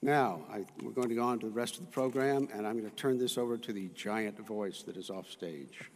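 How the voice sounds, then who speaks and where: A man making informal stage remarks as an association official, relaxed and hesitant with fillers. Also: lowish voice, brisk, slight background noise. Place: large conference ballroom. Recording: long reverb of a large hall.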